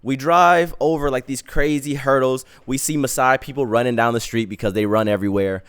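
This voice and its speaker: A young man hosting a podcast, telling a comic personal story in casual, slangy, animated talk. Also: medium pitch, brisk, clear, resonant tone. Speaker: podcast host.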